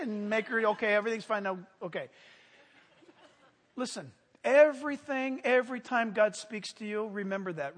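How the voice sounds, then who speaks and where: High, bright-voiced preacher in a reverberant hall. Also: male voice. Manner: animated storytelling with sudden shouted commands. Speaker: pastor. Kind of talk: sermon.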